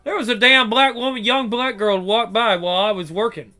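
A man's voice: very high voice, fairly even intonation, fairly quick, pushed and bright. A young man telling workplace stories casually, swearing freely and acting out what each person said. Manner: profane, acts out quoted dialogue. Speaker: storyteller. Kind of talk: casual storytelling.

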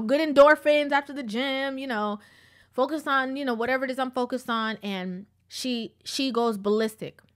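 Woman, high voice, casual storytelling, preachy, repeats herself for emphasis. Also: bright, forceful tone.

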